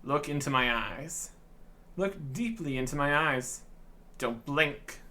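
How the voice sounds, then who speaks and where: A man voicing a sinister female demon who hypnotizes her servant in a game, speaking in a slow, commanding way. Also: a little high, lively intonation, pushed and bright, heavily acted.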